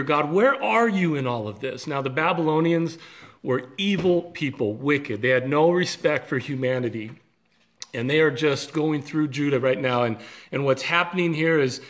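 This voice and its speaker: A man's voice: medium pitch, a bit bright. A man speaking as a pastor, giving an earnest, conversational devotional talk with small restarts.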